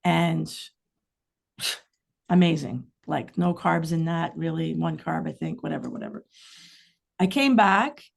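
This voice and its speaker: A middle-aged woman chats as a podcast guest, her low voice carrying a gravelly rasp. She rambles through candid stories full of frank, lively asides. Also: measured pace, pauses often. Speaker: guest, singer-songwriter. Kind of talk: casual podcast interview chat.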